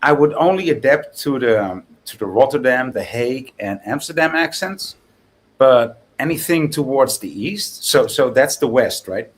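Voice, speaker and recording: A man's voice: medium pitch, expressive, moderate pace. A man from the Netherlands explaining himself reflectively in a casual podcast chat.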